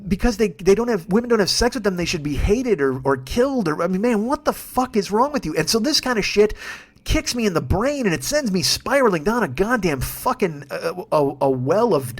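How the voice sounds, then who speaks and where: A man's voice: high-pitched, expressive, normal speed. A man in his fifties hosting his own podcast, ranting in a profane, exasperated and emphatic solo monologue. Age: 50s. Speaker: podcast host and comedian.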